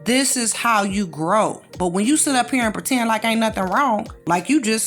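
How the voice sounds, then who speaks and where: A woman's voice: fairly high pitch, expressive, normal speed, soft background music. Sassy preachy woman with a drawl. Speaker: commentary channel host. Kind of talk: casual monologue commentary.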